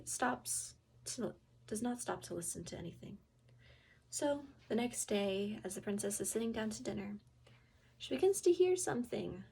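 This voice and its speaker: A student storyteller, a woman, reading a fairy tale aloud with expressive delivery and whispered sound effects. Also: on the high side, moderate pace, vocal fry, husky.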